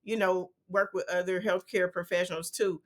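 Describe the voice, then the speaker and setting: A woman's voice: on the low side, flat delivery, moderate pace. A middle-aged woman co-hosting a podcast, telling a family story in an earnest, vivid way with frequent restarts. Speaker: podcast co-host. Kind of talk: casual conversation.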